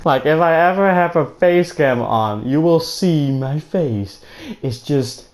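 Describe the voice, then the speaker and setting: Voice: mid-range voice, animated, slow, very noisy. A gamer giving fighting-game play commentary, exasperated and swearing, often laughing at their own frustration. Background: game music.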